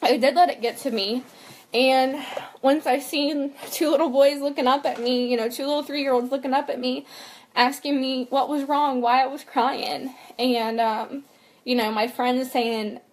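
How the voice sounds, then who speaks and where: A woman's voice: high-pitched, steady tone, unhurried. A young woman and mother talking candidly in a personal vlog, earnest and rambling, full of fillers and "like". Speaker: vlogger and mother.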